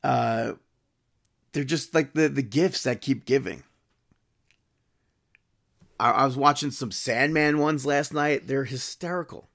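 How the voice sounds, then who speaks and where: A man co-hosting a podcast in a relaxed, chatty way, often laughing. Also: medium pitch, takes it slowly, creaky, pauses often. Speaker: podcast co-host. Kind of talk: casual chat.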